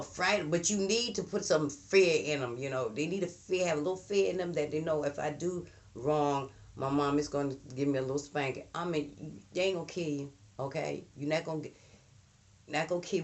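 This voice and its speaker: A middle-aged woman, telling emphatic old-school stories in a casual monologue and mimicking the people she quotes. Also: sits low.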